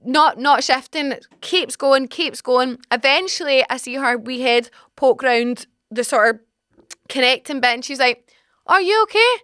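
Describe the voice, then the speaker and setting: Young Scottish woman, podcast host, lively and frank teller, slightly high, very dry close studio mic. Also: measured pace, smooth, no echo. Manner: animated, dramatic, swearing, frank. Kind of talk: casual storytelling.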